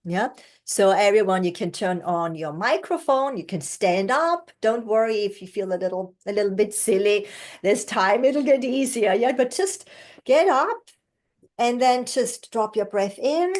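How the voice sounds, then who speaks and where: Over a video call, a female voice coach leads an online class, demonstrating breathing and tones. Her mid-range, slightly mellow voice is animated, and she talks slowly and encouragingly.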